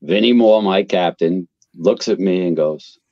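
In a deep, slightly slow voice, a retired fire captain from Queens, New York, an older man, tells blunt, profane, animated stories while being interviewed casually. The lo-fi recording sounds dull and has no echo.

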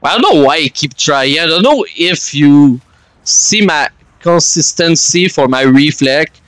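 A man's voice: a little high, lively intonation, unhurried, fairly bright tone, no room sound, low-quality recording. A young man from Canada, chatting casually and swearing freely as he streams a game and answers his chat.

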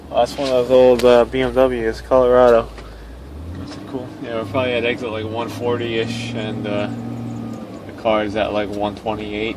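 Man, tow truck driver, sarcastic griping commentary, talking from the cab, faint engine noise behind. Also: medium pitch. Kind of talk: casual vlog chat while driving.

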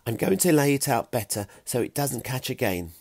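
A man voicing a modest, nervous young girl archer who speaks hesitantly and softly. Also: medium pitch, sing-song, normal speed, creaky, slightly rough, no echo, voice pushed up, full character voice. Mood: calm. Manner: hesitant, soft-spoken.

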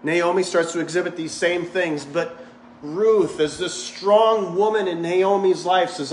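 A man's voice: sits high, measured pace, a little hiss or hum. A male pastor preaching a sermon in a church, conversational and full of jokes. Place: church sanctuary. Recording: echoey church hall.

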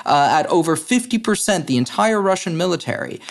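A man as a podcast guest, talking in an analytical, brisk way with frequent fillers and restarts. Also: high voice, lively intonation, creaky. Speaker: guest, head of a democracy advocacy group. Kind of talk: podcast interview.

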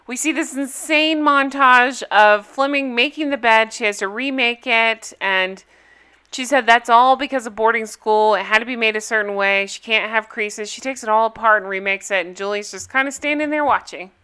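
A woman's voice: fairly high pitch, normal speed, bright, forceful tone, smooth. A woman chatting casually as she recaps a reality TV episode, gossipy and full of fillers.

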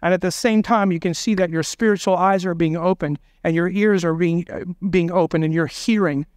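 A man's voice: high-pitched, fairly even intonation, fairly quick, darkish tone, smooth, dry recording, studio quality. A man preaching a sermon as pastor, emphatic and full of rhetorical questions.

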